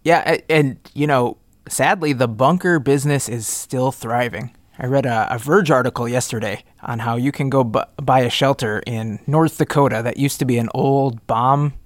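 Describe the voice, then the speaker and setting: A man's voice: medium pitch, moderate pace, dry recording. Wry man co-hosting a podcast. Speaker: podcast co-host. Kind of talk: casual chat.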